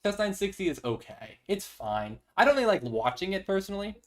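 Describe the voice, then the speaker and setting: A man's voice: high-pitched, big pitch swings, a little fast. A young man streaming chess, chatting casually, self-deprecating and thinking aloud. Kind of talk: casual live-stream chat.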